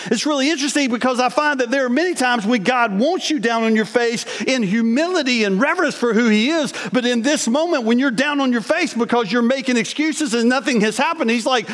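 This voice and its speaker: Preaching a sermon in a very high-pitched, slightly bright voice, a male pastor moves briskly. He reads scripture aloud and breaks into heartfelt, conversational asides, all under long hall reverb.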